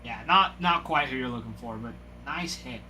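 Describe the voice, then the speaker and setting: Gushing, bright-voiced man opening cards. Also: mid-range voice, normal speed, a little hiss or hum. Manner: excited, gushing exclamations over each card. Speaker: trading card break host. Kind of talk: live card-opening commentary.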